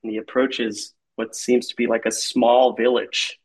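A man's voice: mid-range voice, little pitch movement, unhurried, slightly rough, poor audio. A man improvising an absurd comic story, rambling and leaning on filler words. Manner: rambling, heavy use of filler "like".

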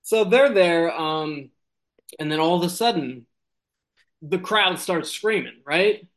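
A man's voice: fairly high pitch, expressive, slow pace, fairly bright tone. A man improvising a silly comic story, rambling and giggling, with lots of ums and restarts. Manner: rambling, giggly, many fillers.

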